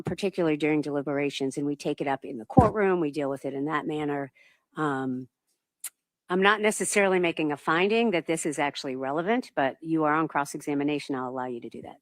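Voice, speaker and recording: A woman judge giving measured, procedural rulings in court. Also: low voice, no room sound.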